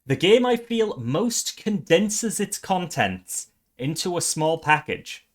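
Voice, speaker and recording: Man, live-stream awards host, excitable, swearing, stammering restarts, very lively pitch. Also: slow pace. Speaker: streamer hosting a game awards show.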